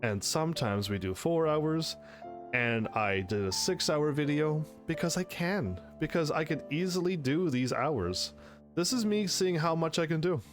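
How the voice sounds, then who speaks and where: A man's voice: on the high side, expressive, unhurried, soft background music. A man hosting his own channel, looking back over his old gaming videos in casual, rambling commentary, full of restarts and bursts of laughter. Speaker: channel host.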